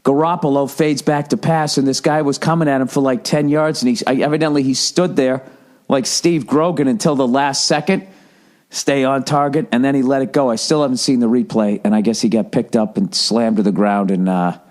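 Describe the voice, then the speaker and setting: A man's voice: mid-range voice, steady tone, fairly quick, darkish tone. A man in his forties hosting a podcast, telling a long exasperated story in a casual, profane monologue. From Massachusetts. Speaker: podcast host.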